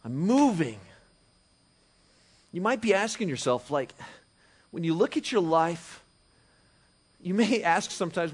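Animated high-voiced male pastor. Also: a little slow, long pauses, breathy edge. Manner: animated, shifts from hushed to loud and emphatic; conversational with frequent restarts and chuckles. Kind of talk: sermon.

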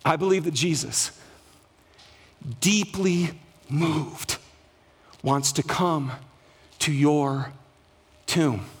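A male pastor delivering a sermon, rising to loud cries and dropping to hushed, quiet lines. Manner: dynamic preaching, swings from loud cries to hushed lows.

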